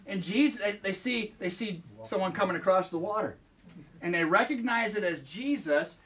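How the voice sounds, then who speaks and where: A man's voice: high voice, lively intonation, normal speed, fairly bright tone, distant mic. A man preaching a sermon in a church as pastor, talking conversationally and asking the congregation questions. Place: church sanctuary.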